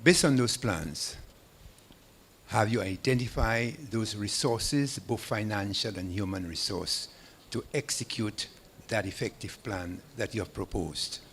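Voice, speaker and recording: A man, an audience member at a public forum, asking a candidate a question in a deliberate, formal way. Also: on the low side, a bit bright, breathy edge.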